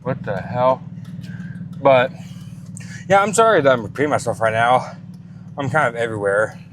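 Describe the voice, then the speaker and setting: A man's voice: mid-range voice, big pitch swings, fairly quick, fairly bright tone, slight background noise. A young man talking casually about his leg workout in a fitness vlog, rambling and out of breath. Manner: rambling, casual, filler-heavy. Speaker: fitness vlogger. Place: gym, then in a car.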